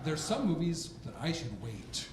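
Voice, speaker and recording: A man doing a stand-up comedy set on stage, animated and mock-indignant, acting out quick exchanges in quoted voices. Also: fairly high pitch, noisy background. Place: comedy club stage with a laughing audience. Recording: roomy club sound with loud audience laughter. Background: audience laughter.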